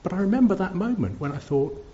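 A man's voice: sits high, animated, fast, mellow, slight background noise. A man preaching a sermon at a church service, earnest, stumbling over repeated words when stressed. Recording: dull lo-fi recording.

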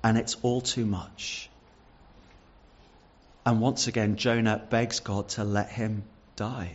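A man's voice: fairly low pitch, level tone, takes it slowly, slightly rough, dull audio. A man preaching a sermon, reading Bible verses and explaining them earnestly, with some stumbles and repeated words. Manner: repeats words and restarts with fillers.

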